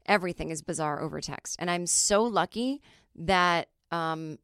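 Chatty woman podcast host, smooth voice. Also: lowish voice, moderate pace, dry recording, clean studio sound. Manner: chatty, animated storytelling with many fillers. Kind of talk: casual comedic monologue.

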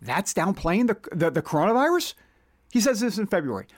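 A man's voice: high voice, sing-song, a little fast, no room sound, clean studio sound. A man hosting a political commentary monologue, reading out quotes in an indignant, rhetorical manner.

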